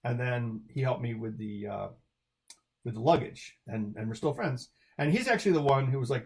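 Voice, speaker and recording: A man's voice: mid-range voice, expressive, normal speed, creaky, darkish tone. A man in the middle of his range chats casually on his own livestream, reading out viewer questions and answering them. He rambles freely, stacking fillers and restarting his sentences as he goes. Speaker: livestream host answering chat.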